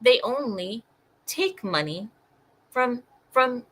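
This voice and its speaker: Exasperated woman commentator, slow and mocking, bright higher voice. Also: expressive, low-quality recording. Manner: exasperated, mocking, repeats herself. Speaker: political commentator. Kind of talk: reacting to news on camera.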